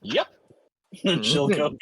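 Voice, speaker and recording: Casual male game master narrating, animated pitch. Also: very slow, vocal fry, husky, low-quality recording. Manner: relaxed, casual, with fillers.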